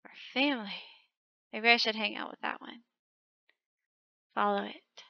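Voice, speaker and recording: Excitable high-voiced woman gaming host. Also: unhurried, gravelly, no echo. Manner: excitable, frequent gasping exclamations. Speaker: channel host. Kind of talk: casual game commentary. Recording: dull lo-fi dry recording.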